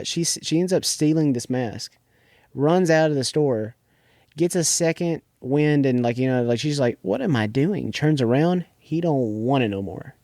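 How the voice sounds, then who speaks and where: A man's voice: mid-range voice, darkish tone, dry recording. Young man, podcast co-host, casual rambling recap, stumbling restarts, dry close sound. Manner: rambling, restarts often, heavy use of "like". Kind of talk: casual chat recapping a TV episode.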